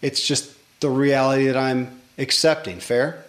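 A man hosting a podcast interview, reflecting out loud in a conversational way. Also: mid-range voice, steady tone, unhurried, roomy sound. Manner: reflective, self-questioning, conversational. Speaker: podcast host.

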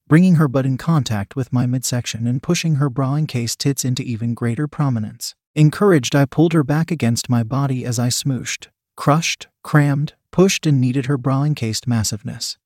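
A man reading an erotic story as narrator in a steady, even voice. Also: medium pitch, no echo, clean studio sound.

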